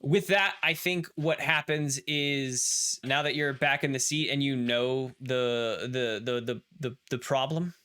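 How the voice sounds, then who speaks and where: Male game master, bright, clear voice, lively narration full of restarts. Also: medium pitch, unhurried, few pauses.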